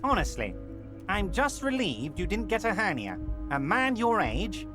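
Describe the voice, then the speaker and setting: An actor playing a smug, jovial middle-aged union boss in a video game, speaking in an oily, patronizing and overly friendly way. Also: male voice, sits high, huge pitch swings, unhurried, music in the background, heavily acted.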